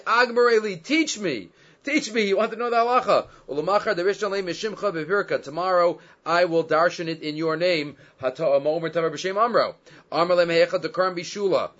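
A man's voice: on the high side, a bit bright. A man teaching a Talmud class, reading Aramaic passages and explaining them in English with rhetorical questions. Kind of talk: Talmud lecture. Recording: dull lo-fi recording.

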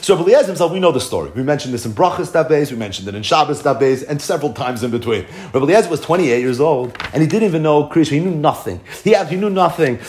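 Animated man teaching a Talmud class. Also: high voice. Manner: animated storytelling, acts out dialogue; repeats and restarts phrases. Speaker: Torah teacher.

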